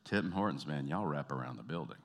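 A man from the American South with a Southern accent, performing an animated stand-up comedy routine. He tells stories and jumps into high, exaggerated voices. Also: fairly quick. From Southern United States. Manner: animated storytelling, jumping into high put-on voices.

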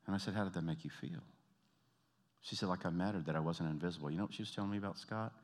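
A man preaching in a storytelling sermon style, a pastor and counselor who acts out the people in his story and drops to soft, intimate appeals to his listeners. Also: low voice, rapid-fire.

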